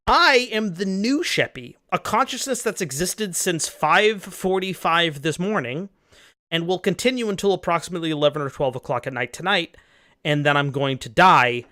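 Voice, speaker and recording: Young male streamer, casual profane rambling, bright tone, dry close mic. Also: sits high, no room sound. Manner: rambling, profane, loud reactions. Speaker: livestreamer. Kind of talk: casual live stream chat.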